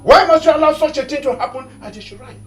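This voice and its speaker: Nigerian desperate would-be king, stammers and begs, higher voice. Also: very animated, unhurried, faint music behind. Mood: angry. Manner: pleading, stammering. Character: desperate man who wants to become king, pleading. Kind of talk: Nollywood film acting.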